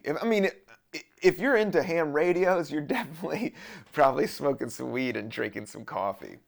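A man's voice: fairly high pitch, lively intonation, brisk, gravelly. A man from Southern Virginia hosting a podcast, rambling casually in a laid-back, profane monologue. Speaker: podcast host.

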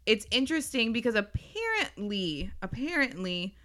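Bright-voiced chatty young woman. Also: a little high, very animated, moderate pace. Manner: chatty, full of fillers. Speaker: podcast co-host. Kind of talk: casual chat.

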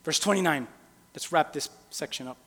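A male pastor preaching a sermon in a casual, animated way, firing rhetorical questions at the congregation. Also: fairly high pitch, normal speed. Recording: long reverb in a large hall.

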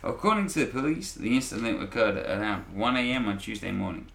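Male podcast co-host, casual news read, stumbles and repeats himself, crisp bright tone, roomy echo. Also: on the low side, expressive, fast talker. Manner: stumbles and repeats words while reading aloud. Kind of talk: casual news reading with banter. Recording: echoey room with faint noise.

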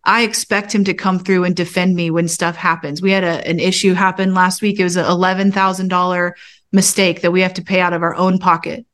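A woman's voice: lowish voice, little pitch movement, a little fast, fairly bright tone. An earnest woman in her thirties recounts a personal faith story as a podcast guest. She tells it like a testimony and voices her own prayers with rising feeling. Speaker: podcast guest, pastor and author.

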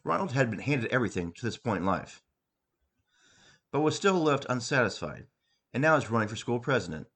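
A man hosting a podcast, reading his own comic story aloud with wry, deadpan narration. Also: medium pitch, brisk, pauses often, breathy edge. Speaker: podcast host and author.

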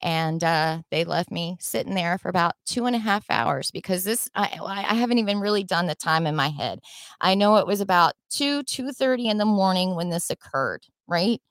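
A middle-aged woman telling a personal story as a podcast guest, in a heated, profane and animated way. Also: fairly low pitch, normal speed, dry recording.

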